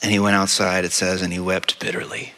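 A man's voice: sits low, little pitch movement, brisk, bright, forceful tone. A man preaching a sermon as pastor, retelling a scripture story in a conversational way and often asking "right?". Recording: long reverb of a large hall.

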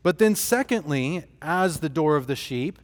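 A man preaching a sermon in a slow, measured cadence, leaning hard on key phrases. His voice sits fairly high for a man and carries a long reverb from a large hall. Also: animated. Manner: slow, emphatic preaching with deliberate pauses. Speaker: pastor.

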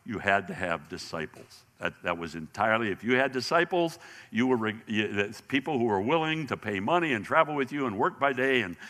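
A man teaching a Bible lesson in sermon style, animated and often restarting his words, speaking to an audience in a large hall. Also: lowish voice, a little fast. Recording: long hall reverb.

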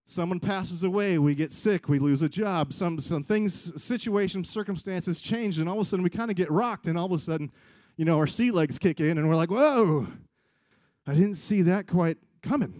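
A man's voice: high voice, fairly quick, a little mellow, no echo. A man preaching a casual sermon in a loose, rambling, conversational way, breaking off mid-sentence and acting out quoted voices. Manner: conversational, rambling, self-interrupting, acts out quotes. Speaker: pastor.

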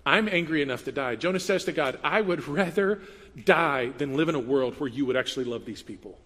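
A man preaching a sermon in a conversational, animated way, with playful asides and quoted voices. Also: a little high, fairly quick, big-room sound. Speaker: pastor.

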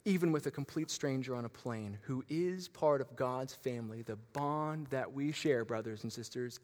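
A man preaching a sermon in a church gym, telling a story with lots of fillers and restarts. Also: mid-range voice. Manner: animated, with frequent fillers and restarts. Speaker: pastor. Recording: long hall reverb.

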